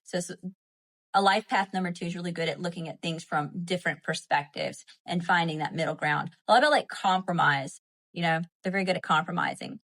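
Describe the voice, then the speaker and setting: A woman's voice: fairly low pitch, brisk, fairly bright tone, no room sound. A woman with a Southern US accent hosting a spiritual livestream, explaining numerology in a chatty way, full of fillers and talking to viewers as y'all. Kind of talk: casual livestream teaching.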